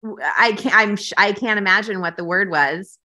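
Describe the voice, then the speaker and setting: A woman's voice: mid-range voice, normal speed, pushed and bright. A woman guesting on a podcast, teasing the host in casual chat, sarcastic and swearing freely.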